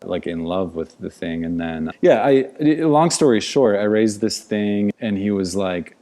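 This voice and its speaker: A man's voice: lowish voice, expressive, measured pace, dark tone. A man, a podcast guest, telling a story in casual conversation, rambling with many "like" fillers. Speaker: podcast guest, outdoor educator.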